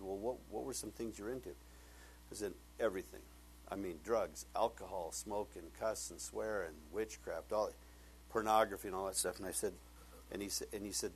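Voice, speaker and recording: A man preaching a sermon, retelling a conversation and then building to loud, emphatic preaching. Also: on the low side, slight background noise, poor audio.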